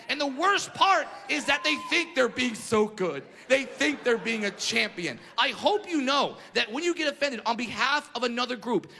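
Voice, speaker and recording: A man doing a brash, profane stand-up routine on a club stage, building to shouted rants. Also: sits high, noisy background. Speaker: stand-up comedian.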